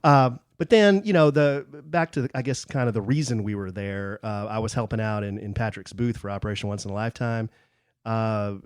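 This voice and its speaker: A man co-hosting a casual chat podcast, telling animated stories about a trip. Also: on the low side, fairly quick, clean tone, no echo, clean studio sound. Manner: storytelling, animated when recounting. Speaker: podcast co-host.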